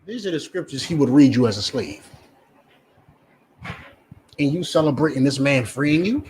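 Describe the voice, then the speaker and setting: A man's voice: mid-range voice, expressive, moderate pace, darkish tone, slight background noise. A man with a New Jersey accent preaching a fiery street sermon, swearing and acting out the voices he quotes.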